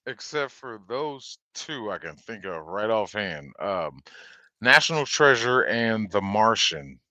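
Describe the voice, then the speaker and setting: A man's voice: fairly low pitch, very animated, takes it slowly, pushed and bright, no echo. A man hosting a livestream in casual chat, laughing often and swearing as he rambles about movies. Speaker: livestream host.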